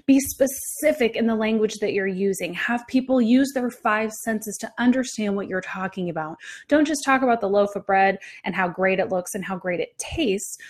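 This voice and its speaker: Woman, podcast host, motivational teaching, sing-song lilt, upbeat, direct, mid-pitched voice. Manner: sing-song, deliberately varied intonation. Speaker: podcast host and visibility coach.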